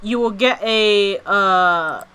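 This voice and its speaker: A woman's voice: medium pitch, drawn-out words, pushed and bright, smooth. A young British woman chatting casually on a live stream, giggly and reading out chat. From Britain.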